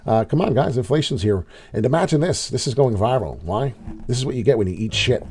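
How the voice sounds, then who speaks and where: A man's voice: mid-range voice, animated, a little fast, a little mellow, slight background noise. A middle-aged man hosting a casual crypto video, rambling and swearing freely as he comments on the market.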